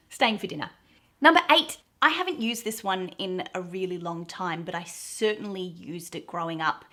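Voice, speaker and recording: A woman's voice: mid-range voice, fairly bright tone. A woman in her thirties with an Australian accent, explaining slang to camera in a chatty, giggly, self-deprecating way. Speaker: YouTube host teaching Australian slang. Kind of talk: casual explainer talk to camera.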